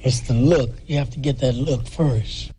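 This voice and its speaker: A man reminiscing in an interview, speaking haltingly and softly. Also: medium pitch, a little hiss or hum. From United States. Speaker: interview guest.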